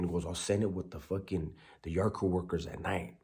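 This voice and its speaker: A former prisoner telling a story in casual street slang, sprinkling in Spanish words. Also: male voice, low-pitched, fairly even intonation, a little fast, vocal fry, a little mellow.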